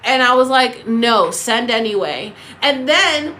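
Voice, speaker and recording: A woman hosting a casual livestream chat, ranting in an animated, profane, incredulous way. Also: sits high, moderate pace, roomy sound, a little hiss or hum. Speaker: TikTok live host. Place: apartment in a city.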